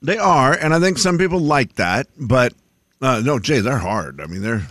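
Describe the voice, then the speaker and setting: A man's voice: medium pitch, expressive, normal speed, fairly bright tone, no echo, studio quality. A man co-hosting a radio show, talking in an easygoing, rambling way in casual banter. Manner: easygoing, rambling, self-deprecating.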